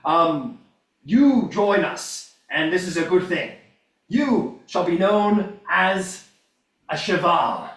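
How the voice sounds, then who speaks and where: A man's voice: expressive, slow pace, a bit bright, roomy sound, recorded from a distance, heavily acted, low-quality recording. A man voicing a hearty, boisterous male knight-commander who is a little drunk, speaking grandly and formally. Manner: booming, toasting, grandly formal.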